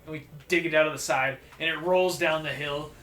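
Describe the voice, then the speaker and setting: A young man chatting casually while playing a game, telling a rambling story and getting animated at the exciting parts. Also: on the high side, fairly quick, slight background noise. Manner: rambling storyteller, animated when acting out shouts. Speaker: let's play co-host. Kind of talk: casual gaming chat. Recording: roomy echo with faint game music.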